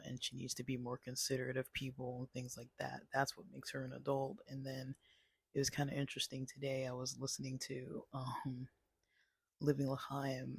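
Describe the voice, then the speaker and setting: A man's voice: mid-range voice, vocal fry, slightly rough, no room sound. A man casually reviewing a movie, rambling with many fillers and restarts. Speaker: channel host.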